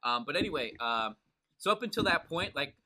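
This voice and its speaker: Young man from new york, podcast co-host, bright voice, laid-back casual talk. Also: fairly high pitch, very animated, a little fast, a little hiss or hum. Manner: laid-back, laughs often, trails off. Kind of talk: casual chat.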